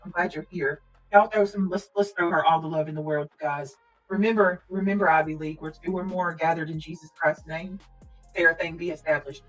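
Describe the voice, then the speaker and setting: A woman hosting a casual livestream and talking directly to her viewers. She speaks earnestly and prayerfully, and she keeps clearing her throat and coughing. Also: deep voice, steady tone, fairly quick, faint music behind, poor audio. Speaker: livestream host.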